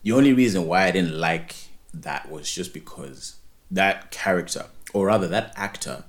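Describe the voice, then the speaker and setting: Deep-voiced man in rambling podcast chat. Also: normal speed. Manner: relaxed, rambling, repeats words and restarts often. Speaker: podcast co-host. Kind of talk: casual chat.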